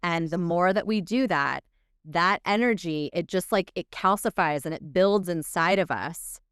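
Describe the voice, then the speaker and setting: A woman co-hosting a podcast, speaking in a measured, reflective, coach-like way. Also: on the low side, fairly bright tone, smooth, no room sound, clean studio sound. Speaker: podcast co-host. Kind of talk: casual podcast chat.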